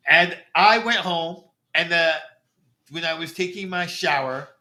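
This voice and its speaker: A man's voice: on the high side, a little slow, pushed and bright. A middle-aged man co-hosting a podcast, talking in a thoughtful, reflective way in casual chat. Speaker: podcast co-host.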